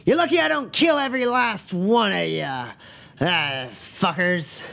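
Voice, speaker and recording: A man's voice: sits high, expressive, unhurried, vocal fry, sharp tone, pitched above the performer's own voice, exaggerated voice. A man doing a drunk belligerent killer. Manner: slurring, belligerent, taunting. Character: drunk brawling male pirate-like serial killer.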